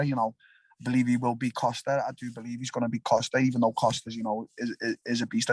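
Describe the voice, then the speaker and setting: A young adult man with a Liverpool accent, a fighter, talks bluntly and animatedly in a casual interview, frequently restarting his sentences. His mid-range voice is husky with a darkish tone, and there's no echo.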